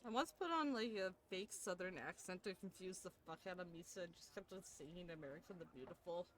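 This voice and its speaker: A woman player at a tabletop game, excitable and chatty in casual banter. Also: lowish voice, brisk. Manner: excitable, cheering.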